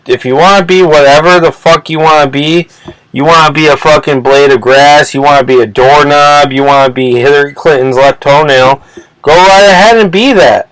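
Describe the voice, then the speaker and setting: A man's voice: a little high, normal speed, fairly bright tone, no room sound, rough recording. Profane, rambling man ranting dry. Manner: profane, rambling, many restarts and repeated words; agitated, indignant. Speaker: channel host. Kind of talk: ranting commentary video.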